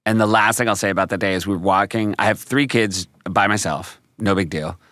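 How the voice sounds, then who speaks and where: A man in his thirties, co-hosting a podcast in casual chat and telling lively stories about his kids. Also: lowish voice, brisk, no echo. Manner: animated storyteller, mimics his kids. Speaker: podcast co-host.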